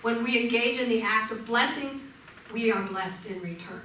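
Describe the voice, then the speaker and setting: A woman minister giving a gentle sermon in a church, telling stories and voicing shouts vividly. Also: fairly high pitch, moderate pace, slight background noise. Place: church sanctuary. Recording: echoey church hall from far off.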